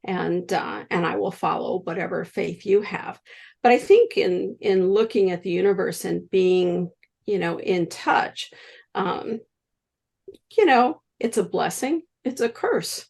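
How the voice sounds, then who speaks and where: A woman's voice: on the low side, unhurried, vocal fry, husky. A woman in her sixties, a guest healer, telling stories in an interview and acting out the voices of the people she quotes. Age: 60s. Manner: animated, acts out quoted voices. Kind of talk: storytelling in an interview.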